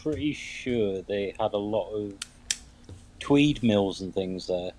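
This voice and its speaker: A man's voice: on the low side, slow, a little mellow, a little hiss or hum. Easygoing British man chatting. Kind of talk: casual chat.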